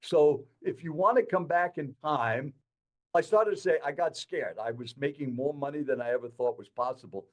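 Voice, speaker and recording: A man in his eighties telling his life story to an interviewer in an animated, dramatic way. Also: a little high, normal speed. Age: 80s. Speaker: guest speaker.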